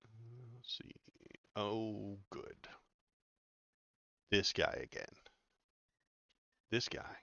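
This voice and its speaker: A man with a very low, gravelly voice talks through the news in a sarcastic, rambling way, full of hesitations. The sound is dry and a little dull, like a lo-fi home mic. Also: expressive, drawn-out words, pauses often, pushed and bright, no echo. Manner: sarcastic, rambling, many "uh" fillers. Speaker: political commentary streamer. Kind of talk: casual commentary reading news aloud.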